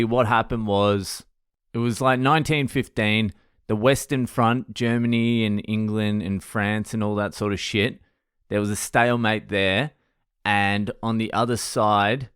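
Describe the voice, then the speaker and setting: Swearing Australian bloke telling history. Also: male voice, fairly low pitch, a bit bright, clear, resonant tone, no room sound, clean studio sound. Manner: crude, swears constantly, rambling storytelling. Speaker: podcast host. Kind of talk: casual monologue.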